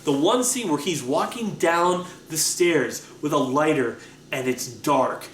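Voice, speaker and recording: A young man telling stories in a casual chat, animated and full of restarts. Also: a little slow, a little hiss or hum. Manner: animated storytelling, excited rising pitch, many restarts. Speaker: vlogger answering viewer questions. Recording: echoey room with faint ambience.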